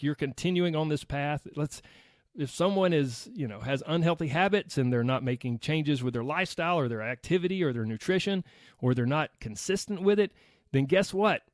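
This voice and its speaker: A man's voice: a little high, no echo, clean studio sound. A man with a Southern American accent hosting a solo podcast in an upbeat, chatty way, talking straight to his listeners. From United States. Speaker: podcast host.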